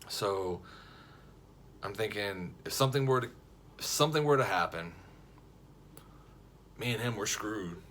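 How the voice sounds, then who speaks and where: Male vlogger, lowish voice, animated anecdote delivery, faint room hum. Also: a little slow, pauses often. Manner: animated, jokey, frequent restarts and quoted voices. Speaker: vlogger telling a story. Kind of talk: casual storytelling to camera.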